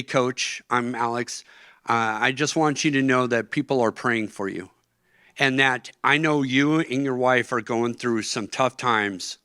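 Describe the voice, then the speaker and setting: A man's voice: medium pitch, pushed and bright, clean tone, no room sound, clean studio sound. A middle-aged man giving an emotional personal testimony as an interview guest, earnest and plainspoken. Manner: earnest, tearful at moments, plainspoken storytelling. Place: conference stage.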